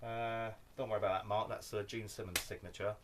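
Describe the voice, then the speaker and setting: Low-voiced man rambling through his records. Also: flat delivery, a little fast. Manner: rambling, tags lines with "okay?"; wry, self-deprecating asides. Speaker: record collector. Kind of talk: casual show-and-tell vlog.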